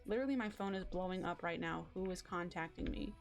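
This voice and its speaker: Excitable young woman streaming a game. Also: on the low side, quick pace, faint music behind. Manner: excitable, rambling, self-mocking. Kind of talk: casual live-stream chatter.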